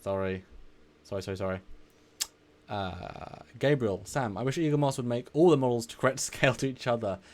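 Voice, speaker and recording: A man's voice: mid-range voice, brisk, slight background noise. A man hosting a casual live stream, energetically reading out and answering viewer comments and laughing easily.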